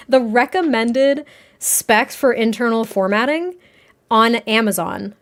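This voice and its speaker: A young woman from New England, a streamer and author, chatting excitedly and casually on a livestream, reading chat aloud and swearing now and then. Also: medium pitch, moderate pace.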